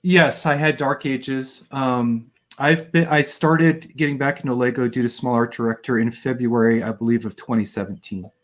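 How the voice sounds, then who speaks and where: A man's voice: mid-range voice, steady tone, normal speed, few pauses. A man, a guest LEGO builder, chatting politely and easily on a live stream. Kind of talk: casual live-stream chat.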